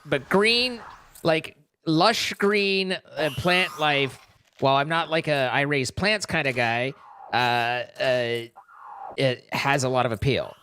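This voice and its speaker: A man's voice: mid-range voice, slow pace, pushed and bright, slight background noise. A man streaming, chatting casually in a rambling, self-correcting way and laughing easily. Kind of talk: casual live-stream chat.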